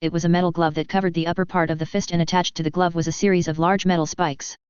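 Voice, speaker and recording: A woman narrating a first-person fan fiction story in a steady, plain manner. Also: lowish voice, fast, clear, resonant tone, no room sound, highs cut off.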